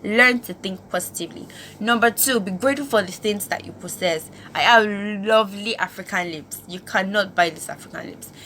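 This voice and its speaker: A woman's voice: medium pitch, a little fast, sharp tone, slight background noise. A woman from Nigeria hosting her own channel, giving an emphatic motivational talk full of rhetorical questions. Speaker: host.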